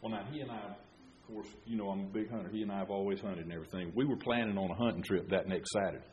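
Folksy older preacher, roomy sound. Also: male voice, fairly low pitch, fairly even intonation, fast talker, far from the mic, highs cut off, a little hiss or hum. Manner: folksy, rambling, grows loud and fervent. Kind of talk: sermon storytelling.

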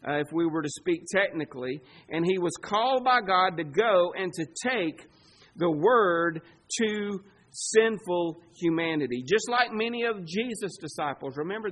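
A man preaching a sermon, swinging between loud emphasis and quiet asides. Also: high-pitched, rough recording. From Southern United States. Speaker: pastor.

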